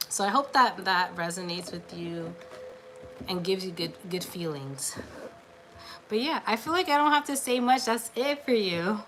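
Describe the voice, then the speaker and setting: A woman's voice: medium pitch, unhurried, a bit bright, a little hiss or hum. A woman giving a casual, encouraging tarot reading on a livestream, chatty and full of filler "like"s. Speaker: tarot card reader.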